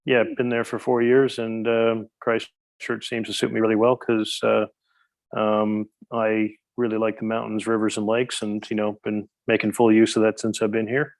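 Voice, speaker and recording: A middle-aged man, talking as a podcast guest. His voice sits low and barely moves in pitch. He rambles and hesitates, leaning on lots of ums and uhs. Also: monotone, normal speed. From Newfoundland, Canada. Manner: rambling, hesitant, many fillers. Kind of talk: casual interview chat.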